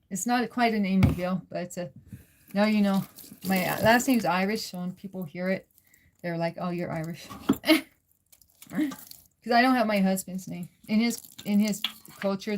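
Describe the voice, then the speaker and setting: A woman hosting a casual livestream, chatting with viewers, reading their comments and laughing often. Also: medium pitch. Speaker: livestream host.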